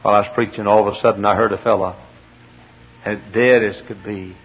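A man's voice: fairly low pitch, fairly even intonation, fairly quick, breathy edge. A male pastor preaching a sermon in a church, telling a story with emphatic bursts. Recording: dull lo-fi sermon tape with faint hiss.

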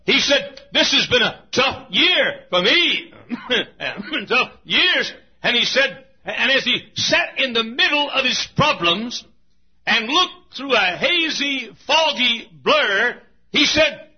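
A man preaching a sermon, moving from slow, low teaching into high, fervent preaching. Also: expressive, breathy edge, dull audio.

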